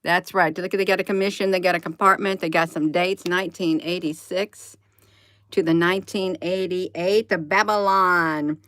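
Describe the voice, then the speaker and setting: A woman's voice: lowish voice, steady tone, normal speed, fairly bright tone, no room sound. A woman hosting a casual livestream, rambling through documents, giggling and talking straight to her viewers. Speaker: livestream host.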